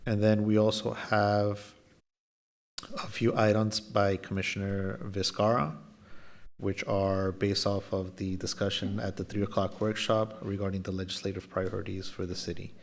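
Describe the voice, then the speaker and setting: A man with a low, flat voice briefs a city commission on changes to the agenda. He is businesslike and polite, pausing now and then with a soft "um.". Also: gravelly. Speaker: city official presenting the agenda. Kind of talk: formal procedural briefing.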